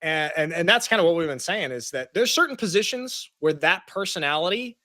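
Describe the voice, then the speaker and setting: A man co-hosting a sports podcast, chatting casually with animated, jokey asides. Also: on the high side, fairly quick, no room sound, clean studio sound. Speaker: podcast co-host.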